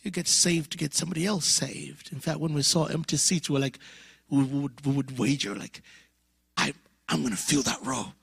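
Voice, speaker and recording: A man's voice: fairly high pitch, moderate pace, vocal fry, breathy edge, no echo, clean studio sound. A man in his fifties from Africa, preaching at a church conference and telling a story with acted-out dialogue and sudden whispers. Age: 50s. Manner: animated, acts out dialogue, drops to whispers. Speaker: guest preacher. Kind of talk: storytelling sermon.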